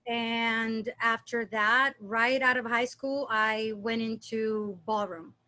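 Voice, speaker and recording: Guest spot: high-pitched young woman, animated, chatty storyteller. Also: slow. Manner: animated storyteller, mimics accents playfully. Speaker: dancer and interview guest. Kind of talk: casual interview chat.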